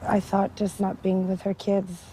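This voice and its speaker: A woman speaks haltingly about a relative in a documentary interview. Her voice is dark and mellow and barely moves in pitch, with faint room noise behind her. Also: monotone. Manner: halting, hesitant. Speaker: family member of interviewee.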